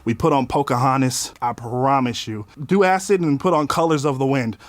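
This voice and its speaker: A man casually telling a personal story in an animated way, swearing often and acting out what he said at the time. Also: medium pitch, moderate pace, no room sound. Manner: animated, swearing, acts out his own quotes. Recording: faint music underneath.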